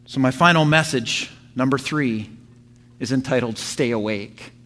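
A man preaching a sermon to his church, telling a story with animated sound effects. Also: mid-range voice, a little slow. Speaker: pastor.

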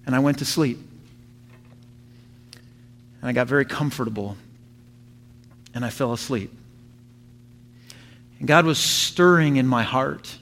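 A man preaching a sermon to his church, telling a story with animated sound effects. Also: medium pitch, measured pace, long pauses. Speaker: pastor.

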